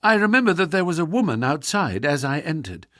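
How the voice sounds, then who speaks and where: A man puts on a frightened young noblewoman pouring out a confession in a storybook reading. Her voice is hushed and urgent, rising and falling a great deal. The sound is close and dry. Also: fairly high pitch, big pitch swings, fairly quick, dry recording. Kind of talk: audiobook character voice.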